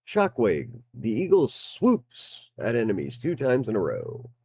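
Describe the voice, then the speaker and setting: A man's voice: lowish voice, huge pitch swings, measured pace, darkish tone, slight background noise. A man giving casual gameplay commentary as a game reviewer. He is slightly out of breath, swears now and then and reads game text aloud. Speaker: game reviewer playing on stream.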